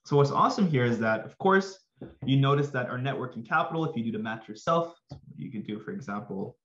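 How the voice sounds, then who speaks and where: A man walks students through a finance topic in a loose, upbeat way, tossing in slangy asides as he explains. His voice is slightly hoarse, as if he is losing it. The recording sounds roomy and a little dull. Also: medium pitch, brisk. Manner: energetic, addresses viewers with slangy asides. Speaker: finance tutor. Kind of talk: casual exam-prep lesson.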